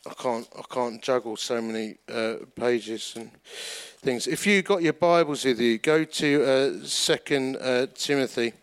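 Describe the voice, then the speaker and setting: A middle-aged pastor preaches a storytelling sermon in a chatty way, poking fun at himself and acting out the voices of people in his stories. His medium-pitched voice is clean and a little slow.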